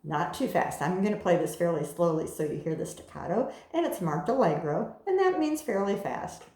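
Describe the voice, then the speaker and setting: A woman's voice: lowish voice, big pitch swings, normal speed, a little mellow, roomy sound. A woman teaching violin, explaining the music patiently and calling out cues as she plays. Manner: patient, calls out cues while playing. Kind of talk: music lesson instruction.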